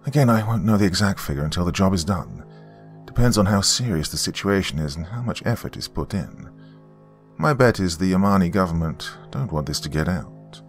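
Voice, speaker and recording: A man voicing a calm, posh British mission handler with a posh British accent, briefing in a measured way. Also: sits low, faint music behind.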